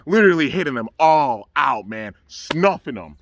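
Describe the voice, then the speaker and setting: A man excitedly reviewing a cartoon episode outdoors under the trees, rambling and enthusiastic and often saying "man". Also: fairly high pitch, moderate pace, slight background noise. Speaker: anime reviewer.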